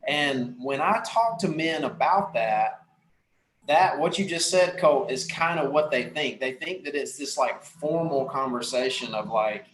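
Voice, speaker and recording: A man's voice: mid-range voice, lively intonation, a little slow, a bit bright, slight background noise. A man hosting a casual panel call, upbeat and chatty as he speaks to viewers. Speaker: host. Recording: roomy echo.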